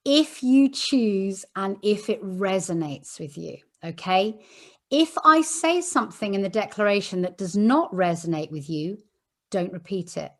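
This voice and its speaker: Over a video call, a woman with a medium-pitched voice leads a live online meditation ceremony. She explains each step slowly and soothingly, checking in with "okay?"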